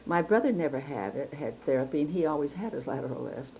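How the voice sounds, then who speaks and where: Older woman, low mellow voice, reflective storytelling, precise words, faint background hiss. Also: expressive, quick pace, gravelly, poor audio. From Chicago, United States. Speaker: interviewee. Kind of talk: oral history interview.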